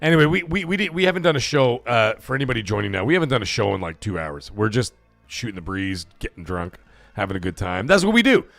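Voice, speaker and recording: A man's voice: on the low side, very animated, fast talker, vocal fry. Middle aged guy rambling and swearing on his stream, voice jumps all over, faint music behind. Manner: loose, profane, rambling with bursts of shouting. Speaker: livestream host. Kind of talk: casual live-stream chat.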